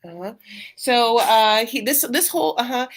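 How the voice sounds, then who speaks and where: A woman's voice: on the high side, lively intonation, normal speed. A woman co-hosting a casual podcast, chatting and rambling with lots of fillers and restarts. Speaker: podcast co-host recapping a reality show. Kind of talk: casual chat.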